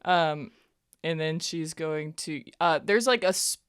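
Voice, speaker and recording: A woman player in a tabletop game, with a somewhat low voice recorded dry and close. She talks casually, answers with quick yeses and giggles often. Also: clean tone, dry recording.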